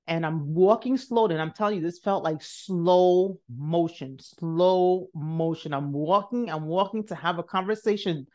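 A woman hosting a podcast, telling a motivational personal story and acting out the voices in it, jumping high for quotes and dropping to a hush for asides. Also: fairly quick, few pauses. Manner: animated, acts out quotes with big pitch jumps and hushed asides. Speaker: podcast host.

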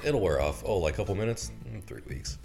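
Low-voiced male co-host, blunt and wry, lively intonation, faint music under. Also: fast talker, gravelly. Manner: blunt, swearing, wry humor. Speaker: podcast co-host. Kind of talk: casual movie chat.

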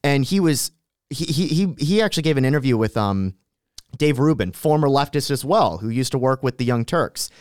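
A man's voice: mid-range voice, expressive, normal speed, dry recording, clean studio sound. A man co-hosting a casual political commentary show, chatting and reading long quotes aloud. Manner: reads long quoted tweets aloud, conversational asides. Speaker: co-host.

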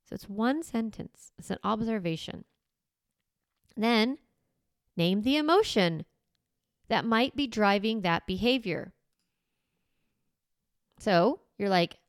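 A woman parenting coach hosting a podcast, talking in a lively, conversational way and repeating key steps for emphasis. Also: medium pitch, slow, long pauses, no room sound, clean studio sound.

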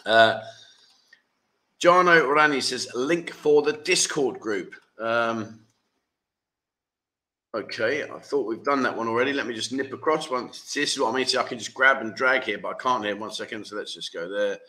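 A man's voice: mid-range voice, normal speed, pauses often, bright, forceful tone. A man hosting a casual livestream, reading viewer comments aloud and chatting in a jokey, teasing way. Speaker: livestream host.

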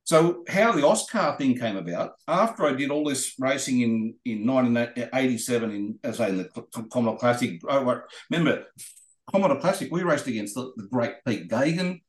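An Australian man, a guest racer, telling rambling, animated anecdotes in a podcast interview. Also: mid-range voice, brisk, echoey room. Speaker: guest racing driver.

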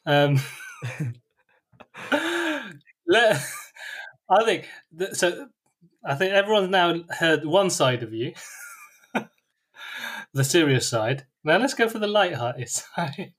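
A man's voice: a little high, lively intonation, takes it slowly, long pauses, fairly bright tone, breathy edge. A man hosting a podcast in casual chat, laughing often and teasing his guest. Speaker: podcast host.

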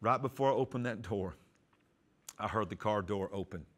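A man pastor giving a testimony sermon, storytelling and acting out the dialogue, going soft and quiet for prayers. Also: lowish voice, normal speed. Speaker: pastor and TV host.

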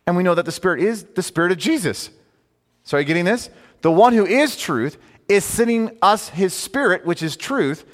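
A man's voice: a little high, fairly quick, fairly bright tone, big-room sound. A man preaching a sermon as a pastor, conversational and emphatic, with many rhetorical questions.

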